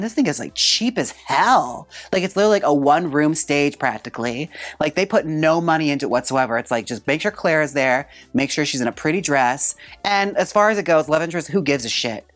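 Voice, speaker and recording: A woman hosting a hair-styling vlog, chatting casually in a sassy, chatty way with plenty of filler words. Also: sits low. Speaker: hairstylist host.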